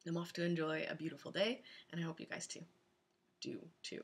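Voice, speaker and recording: A woman's voice: on the low side, steady tone, brisk. A middle-aged woman talking earnestly and directly to women listeners in a casual spoken blog post. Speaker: vlogger.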